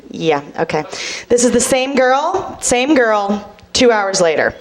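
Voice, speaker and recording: Rapid, animated woman doing stand-up. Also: medium pitch. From Boston. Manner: rapid, self-mocking, acts out other people's voices. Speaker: stand-up comedian. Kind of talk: stand-up comedy set. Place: comedy club stage. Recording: live club set with loud audience.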